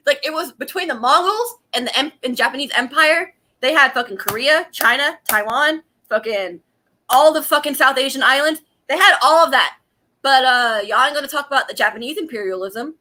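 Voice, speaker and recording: A woman's voice: sits high, bright, forceful tone. A young woman, ranting angrily and profanely on a casual laptop livestream at home, laughing often. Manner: angry profane rant with frequent laughs. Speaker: vlogger. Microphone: laptop webcam.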